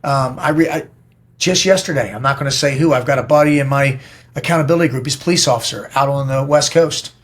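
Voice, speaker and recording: A man's voice: medium pitch, fast talker. Blunt, profane man telling stories. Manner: blunt, profane, emphatic storytelling. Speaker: podcast guest. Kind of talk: casual interview talk.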